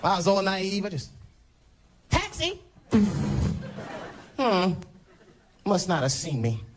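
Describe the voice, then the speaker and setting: High, animated male stand-up comedian. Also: a little fast, soft background music. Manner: animated storytelling, jumps into character voices. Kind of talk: stand-up routine. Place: comedy stage before a live audience.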